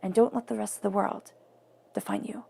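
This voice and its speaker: A woman's voice: medium pitch, sing-song, brisk, creaky, mellow, breathy edge. A woman giving an earnest, emphatic tarot reading, repeating phrases and sometimes dropping to a whisper. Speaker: tarot reader.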